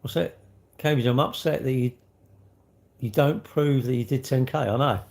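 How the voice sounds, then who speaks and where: A man's voice: mid-range voice, normal speed, gravelly, a little mellow. Chatty British man ranting on a livestream. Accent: British English. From United Kingdom. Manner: chatty, rambling, acts out little dialogues. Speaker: livestream host. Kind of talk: casual livestream chat.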